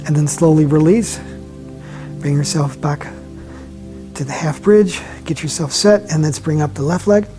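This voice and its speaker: A man leading a yoga class, giving calm, slow step-by-step cues and often dropping his voice softly. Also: on the high side, faint music behind. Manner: calm, slow guiding cues with soft drops in volume. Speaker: yoga instructor. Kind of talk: guided yoga class instruction.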